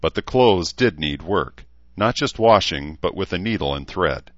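A man narrating an audiobook in a measured storytelling manner. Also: low-pitched, lively intonation, fairly bright tone, no room sound. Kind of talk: scripted narration. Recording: dull, dry studio read.

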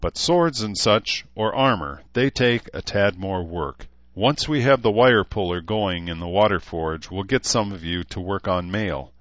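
A man voicing a gruff older blacksmith who growls out instructions to apprentices. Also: sits low, expressive, unhurried, few pauses, fairly bright tone, no echo, muffled recording. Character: gruff older male blacksmith, stern teacher.

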